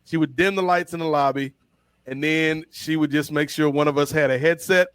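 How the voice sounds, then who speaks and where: A man co-hosting a podcast, telling stories in an animated, slangy way. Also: fairly high pitch, fairly quick, smooth, no echo. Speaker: podcast co-host. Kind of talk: casual storytelling chat.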